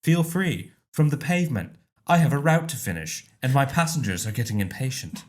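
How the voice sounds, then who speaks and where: A no-nonsense bus driver with a put-on British accent, firm and dry, as a man reads him. His pitch swings lively through each line. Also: a little fast, lightly acted.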